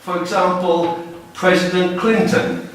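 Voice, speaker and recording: Older Englishman teaching slowly in an echoey room. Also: sits high, level tone. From England. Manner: slow, simple phrasing with many checks of understanding. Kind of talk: classroom lesson. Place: classroom. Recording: echoey classroom, mic far off.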